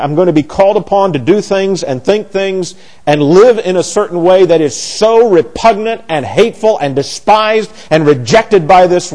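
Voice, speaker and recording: A man preaching a sermon, animated and sarcastic, often restarting his sentences. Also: high voice.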